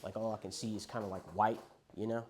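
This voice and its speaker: A man's voice: on the low side, flat delivery, fast talker, darkish tone, slight background noise. A young man candidly telling his story of addiction and loss to a recovery group, speaking in a conversational, profane way.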